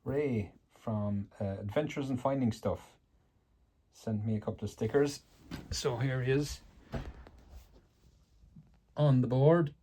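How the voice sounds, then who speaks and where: A man's voice: medium pitch, takes it slowly, long pauses, mellow, breathy edge. An Irish man, a metal detecting vlogger, chatting casually and a bit self-deprecatingly as he shows his finds in a small shed. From Ireland. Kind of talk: casual chat showing finds.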